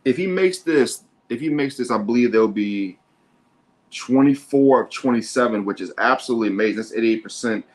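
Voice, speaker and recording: Commenting live on a basketball game, this man hosts a sports show in an excitable manner, frequently saying the same things again. He speaks briskly at a medium pitch.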